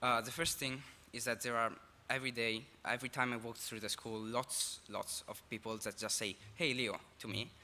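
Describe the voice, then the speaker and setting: A teenage exchange student from Italy with an Italian accent, giving a halting, apologetic speech at a school assembly. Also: male voice, mid-range voice, steady tone, bright, forceful tone, a little hiss or hum. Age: teens. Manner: nervous, halting, apologetic with laughs. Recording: reverberant hall, faint ambience.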